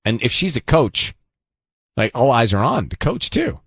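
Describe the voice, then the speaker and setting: A man's voice: medium pitch, huge pitch swings, breathy edge, no room sound. A man hosting a morning radio show, chatting and joking with co-hosts and callers. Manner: joking, teasing, quick laughs. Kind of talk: casual morning radio banter.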